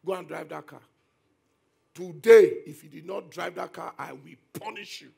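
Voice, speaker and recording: A man playing a stern army major who barks clipped commands. The voice is high and gravelly, with a husky edge. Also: moderate pace, dark tone, exaggerated voice.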